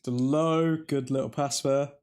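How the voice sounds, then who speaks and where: A man's voice: mid-range voice, steady tone, a little slow, a little mellow, clean tone. A man hosting a live football watchalong, reacting to the play as it happens and chatting with his viewers. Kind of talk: live match commentary and fan chat.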